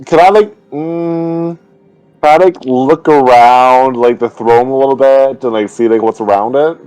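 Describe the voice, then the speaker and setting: A man's voice: mid-range voice, a little slow, dark tone, clear, resonant tone, soft background music, rough recording. A man playing in a tabletop game, asking hesitant questions with many fillers. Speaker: player. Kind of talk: casual tabletop game chat.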